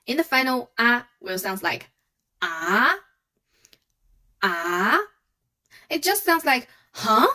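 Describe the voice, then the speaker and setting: Higher-voiced woman teaching a language. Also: a bit bright. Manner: patient, demonstrates sounds aloud. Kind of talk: online language lesson.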